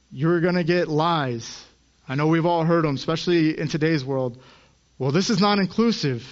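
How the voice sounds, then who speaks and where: A man's voice: fairly high pitch, highs cut off. A man preaching a sermon in an earnest way, his voice rising as he acts out the people in the stories.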